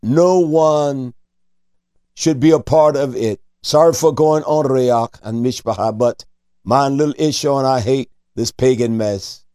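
A man hosting a radio show and preaching a fervent sermon, sprinkling in Hebrew terms and rising to shouts. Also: medium pitch, measured pace, smooth, no room sound, studio quality.

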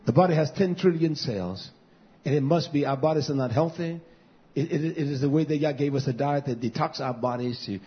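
A man's voice: medium pitch, breathy edge, highs cut off. A man who is a pastor, preaching a sermon to a congregation and a live stream, hammering his points home by repeating key words.

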